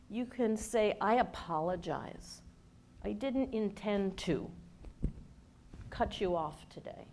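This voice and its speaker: A woman communications expert giving a workshop to a live audience in a playful, lively way. She asks the listeners questions and acts out the speech habits she describes. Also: medium pitch. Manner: demonstrates speech habits with her own voice.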